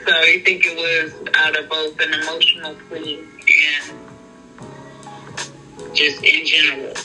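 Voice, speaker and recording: Very bright young woman asking questions. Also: deep voice, unhurried, soft background music, poor audio. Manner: relaxed, conversational, asks probing questions. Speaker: podcast host. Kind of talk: casual chat.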